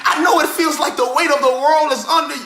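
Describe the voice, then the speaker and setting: A male preacher with a high, bright, forceful voice shouts and sing-songs his sermon, breaking into "help me, God" between phrases. He is recorded in an echoey room with faint music underneath. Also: steady tone, fast talker. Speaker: pastor.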